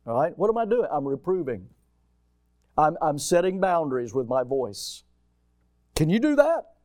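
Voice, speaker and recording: A man preaching a sermon in a folksy, animated way, with stories and rhetorical questions. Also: on the high side, moderate pace, pauses often.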